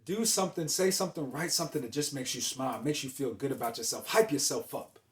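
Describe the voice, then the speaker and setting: A man's voice: mid-range voice, quick pace. A young adult man hosting a show, delivering an emphatic, repetitive motivational monologue. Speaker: motivational host.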